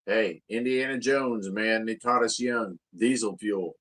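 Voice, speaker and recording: A man's voice: lowish voice, a little slow, a bit bright. Crude laughing man. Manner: boastful, crude, laughs at his own jokes. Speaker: podcast co-host. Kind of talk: casual chat.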